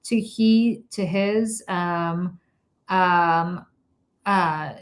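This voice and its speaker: A middle-aged woman with a slightly low voice tells a lively story to her co-host. She laughs often and swears freely. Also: extremely slow. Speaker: podcast co-host. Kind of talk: casual chat.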